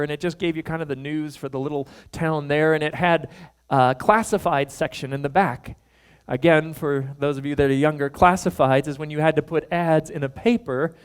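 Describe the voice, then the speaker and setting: A man preaching a sermon, spinning a story with animated delivery. He slips into the voices of the people he quotes and chuckles as he goes. His speaking voice sits a little high for a man. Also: clean tone. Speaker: pastor.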